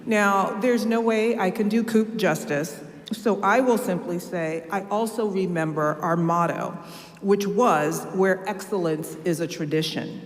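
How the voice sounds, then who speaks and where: Woman keynote speaker, low-pitched, earnest and measured delivery, reverberant church sanctuary. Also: a little mellow. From Ohio, US. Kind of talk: formal speech. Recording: echoey hall with long reverb.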